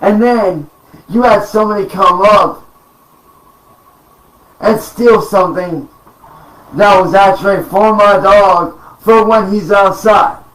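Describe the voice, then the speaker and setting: Furious profane man, high slow voice. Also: fairly bright tone, distant mic. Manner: profane, threatening, slow emphatic delivery. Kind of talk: angry rant to camera. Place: home room. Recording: roomy sound, off-mic.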